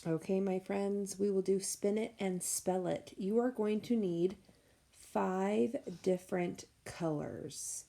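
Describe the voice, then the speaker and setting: Slow, gravelly-voiced woman teaching phonics. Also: mid-range voice, steady tone, mellow. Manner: slow, sounding out letters and sounds. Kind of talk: recorded phonics lesson for children. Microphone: tablet microphone.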